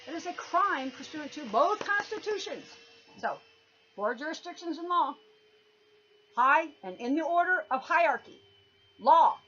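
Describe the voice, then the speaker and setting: Brief: high-pitched woman, forceful lecturing monologue, dull lo-fi recording. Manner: emphatic, lecturing, stresses words. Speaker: commentator. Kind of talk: didactic monologue. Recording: dull lo-fi recording with faint noise.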